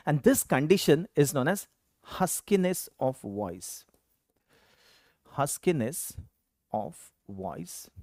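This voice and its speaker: Lecturer drilling exam facts: animated intonation, quizzes then answers, dry recording. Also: mid-range voice, slow pace, long pauses, no room sound. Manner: quizzes students with questions and answers them himself; repeats key terms for emphasis. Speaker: teacher. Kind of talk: exam-prep anatomy lecture.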